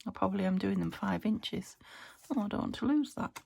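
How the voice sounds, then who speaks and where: A woman's voice: mid-range voice, expressive, fairly quick, creaky, a little mellow, dry recording. A woman vlogging about her crafts, chatting casually and thinking aloud as she works, sometimes half-whispering. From United Kingdom. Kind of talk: casual crafting chat to camera.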